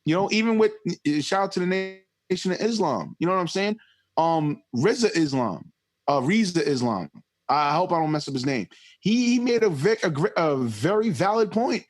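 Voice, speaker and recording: A man's voice: high-pitched, expressive, a little fast. A man in his thirties hosting a podcast, talking emphatically and swearing freely in casual conversation. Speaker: podcast host.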